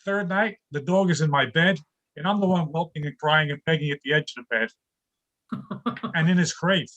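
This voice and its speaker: An older man doing a stand-up comedy routine over a video call, delivering deadpan one-liners about his home life. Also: fairly high pitch, moderate pace, dull audio.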